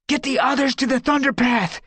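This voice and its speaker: A man's voice: very high-pitched, animated, fast, husky, no echo, pitched above the performer's own voice, heavily acted. Man doing a bold young tomcat warrior. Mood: determined. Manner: loud, commanding shouts. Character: bold young male warrior cat, protective.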